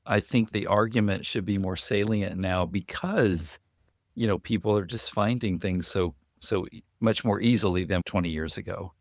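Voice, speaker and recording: A man in a podcast conversation, reflecting calmly on what the guest has shared. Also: on the low side, moderate pace, no room sound, studio quality. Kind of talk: casual conversation.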